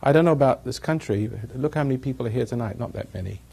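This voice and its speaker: A man's voice: mid-range voice, fast, vocal fry, mellow, slight background noise. A man giving a rambling talk to a live audience, chuckling at his own jokes as he tells stories. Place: evening gathering with an audience.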